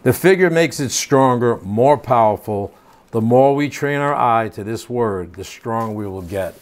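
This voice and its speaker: A man's voice: medium pitch, lively intonation, measured pace. An older man teaching a home Bible study, reading scripture aloud and then explaining it in plain, casual asides.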